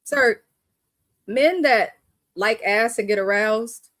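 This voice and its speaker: A woman's voice: medium pitch, lively intonation, moderate pace, no room sound. A woman hosting a casual live stream, talking bluntly and animatedly with frequent cursing and laughter. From Bay Area. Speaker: live show host.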